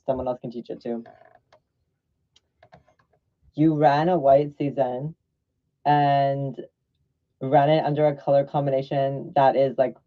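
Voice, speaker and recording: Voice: mid-range voice, narrow, tinny audio. A drag performer delivering a blunt, sassy vlog rant, swearing freely and drifting off mid-thought. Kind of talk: ranting vlog monologue.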